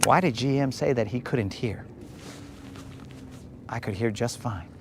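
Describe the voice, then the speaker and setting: A man's voice: medium pitch, measured pace, noisy background. A man hosting a live fishing stream from a boat outdoors, chatting to viewers in a casual, joking, slangy way. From United States. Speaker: fishing livestream host.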